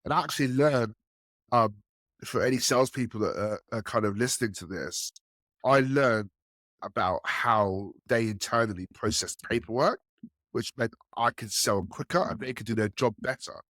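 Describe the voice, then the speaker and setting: A man's voice: moderate pace, no room sound, studio quality. A man talking about enterprise sales on a podcast, telling stories and acting out the people in them with a raised voice. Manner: animated, acts out quotes with raised pitch. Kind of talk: casual podcast storytelling.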